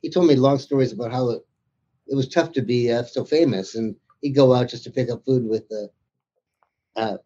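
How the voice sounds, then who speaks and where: A man's voice: mid-range voice, moderate pace, dark tone, lo-fi sound. A man being interviewed as an author, chatty and laughing as he tells his stories. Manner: chatty storyteller, laughs through his anecdotes. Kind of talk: anecdotal interview conversation.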